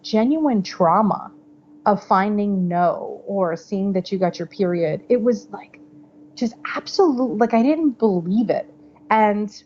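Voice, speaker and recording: A woman in her thirties, a podcast guest telling a personal story in a chatty, animated way, full of "like" and "you know". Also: medium pitch, a little hiss or hum. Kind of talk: casual storytelling interview. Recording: slightly dull podcast audio.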